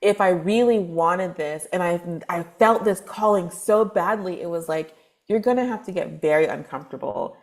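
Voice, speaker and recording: A woman from Texas, a spiritual advisor guest, telling her story in a chatty, lively podcast interview with lots of fillers. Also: fairly low pitch, moderate pace. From Texas, USA.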